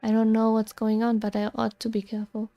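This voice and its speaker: A woman's voice: on the high side, completely flat delivery, brisk, no echo, muffled recording, close to an everyday voice. A woman reading as a wary young heroine. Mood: uneasy. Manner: worried, reading game dialogue aloud.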